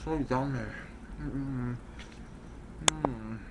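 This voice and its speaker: A man's voice: mid-range voice, very slow, heavy background noise. A man playing a goofy, easygoing best friend.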